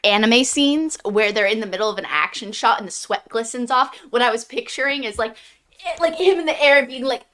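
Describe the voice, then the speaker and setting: Podcast co-host, woman, a touch high, relaxed rambling book chat. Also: fairly quick. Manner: chatty, rambling, with many "like"s. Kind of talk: casual book review chat.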